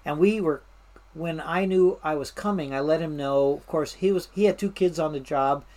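A woman from Washington State, an interview guest and firefighter, telling animated stories in a casual way with many fillers and restarts. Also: sits low, normal speed. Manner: animated anecdotes with fillers and restarts, mimics voices. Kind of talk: casual storytelling.

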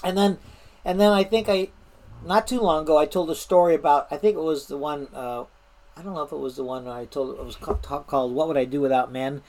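A woman's voice: deep voice, fairly even intonation, a little fast, darkish tone. A middle-aged woman, a veteran of the fire service, casually telling a prank story, amused and laughing as she goes, with frequent restarts. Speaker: retired fire service manager telling stories.

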